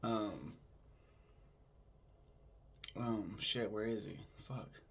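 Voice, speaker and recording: A man's voice: lowish voice, drawn-out words, gravelly, slightly rough. A man casually recapping a movie plot in a rambling way, with lots of filler words and swearing. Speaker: film podcast host.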